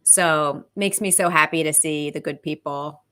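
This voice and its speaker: A woman co-host with a low-pitched but bright, forward voice. She talks casually and enthusiastically, dotting her speech with "like" and "um". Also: steady tone, unhurried. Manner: enthusiastic, warm-hearted, lots of "like" and "um". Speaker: podcast co-host. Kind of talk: casual podcast chat.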